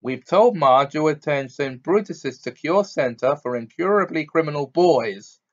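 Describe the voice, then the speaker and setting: A man's voice: fairly high pitch, expressive, unhurried, highs cut off, voice pushed up. A man reading aloud and voicing a blustering, bullying middle-aged uncle who snarls and bellows threats. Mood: threatening. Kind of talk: audiobook character reading.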